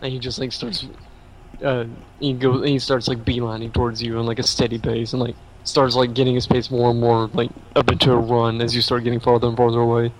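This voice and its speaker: A man's voice: mid-range voice, completely flat delivery, fairly quick, slight background noise, rough recording. A man running a tabletop game as game master, easygoing and loose in his narration, laughing often.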